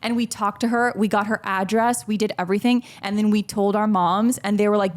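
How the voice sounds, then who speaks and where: A woman's voice: medium pitch, a little fast, hardly any pauses. A woman from Miami, a podcast guest, telling childhood stories in casual chat, acting out quotes and laughing often. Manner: animated storyteller, acts out quotes, laughs often.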